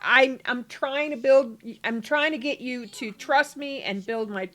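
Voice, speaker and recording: A woman voicing an apologetic young wife in a life-sim game, talking softly and hesitantly as she pleads. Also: sits high, a little slow. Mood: pleading.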